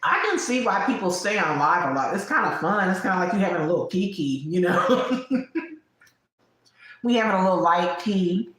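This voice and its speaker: A woman's voice: lowish voice, expressive, normal speed, a bit bright. A woman in her late thirties hosting a live stream, chatting candidly with viewers at home, laughing often and snacking as she talks. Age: 30s. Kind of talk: casual live-stream chat. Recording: very echoey room.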